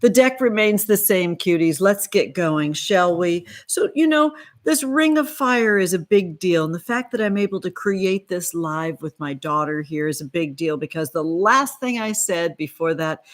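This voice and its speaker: A woman's voice: lowish voice, lively intonation, normal speed, hardly any pauses. Affectionate woman hosting a tarot livestream. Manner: gushing and affectionate with viewers. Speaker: tarot reader and livestream host. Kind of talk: casual livestream tarot reading.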